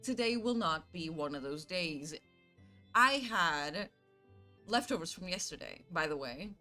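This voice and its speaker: A woman's voice: sits low, expressive, unhurried, sharp tone, soft background music. A woman streamer from Canada chatting casually with her chat, telling stories animatedly, acting out both sides and swearing freely.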